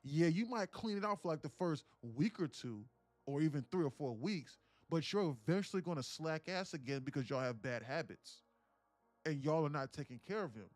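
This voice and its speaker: A man live-streaming his day trading, telling a story in an animated, profane, rambling way with frequent restarts. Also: fairly high pitch, normal speed, no room sound, soft background music.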